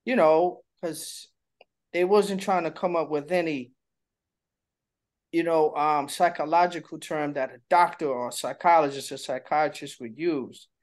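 A podcast co-host telling stories in casual chat, dropping the voice low at times and laughing. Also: a little slow, darkish tone. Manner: storytelling, drops voice low, laughs.

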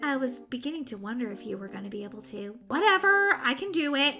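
A woman chatting casually over gameplay, bubbly, excitable and easily exasperated. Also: high voice, fast, few pauses. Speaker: gaming channel host.

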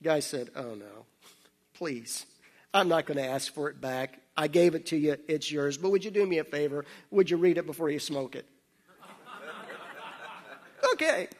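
Male preacher, higher voice, storytelling sermon in a big echoing hall. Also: normal speed, pauses often. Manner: anecdotal, laughing, drops to hushed tones for serious moments. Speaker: missionary speaker. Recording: long hall reverb.

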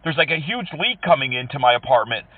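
A man's voice: mid-range voice, sing-song, quick pace, dry recording, far from the mic. A man making a prank phone call, complaining with mock indignation and needling the person on the line. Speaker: prank caller trolling scammers.

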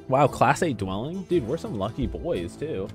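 A man giving casual let's-play commentary as a streamer, excitable, joking and easily sidetracked. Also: mid-range voice, moderate pace, soft background music. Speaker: gamer streamer.

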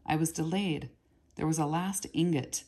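A woman's voice: deep voice, normal speed, darkish tone, breathy edge. A woman reading aloud and voicing a thin, frightened boy who pleads and stammers. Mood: anxious. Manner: pleading, stammering, raising his voice when cornered.

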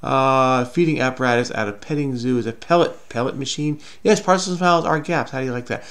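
A middle-aged man thinks out loud while working a crossword, sounding hesitant and second-guessing himself, frequently trailing off with "I don't know." His mid-range voice is a bit bright and fairly quick.

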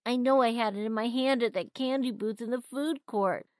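Woman voicing a small boy, tearful, pleading, high childlike voice, dry close sound, storybook. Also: takes it slowly, no room sound. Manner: sobbing, pleading. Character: tearful little boy, anxious and sensitive.

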